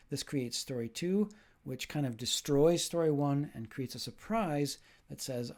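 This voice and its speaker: A man's voice: medium pitch, moderate pace, a little mellow. Man giving an explanatory lecture. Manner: explanatory, asks the listener questions; demonstrates sounds and rhythm drills. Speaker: teacher. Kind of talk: recorded lecture for teachers.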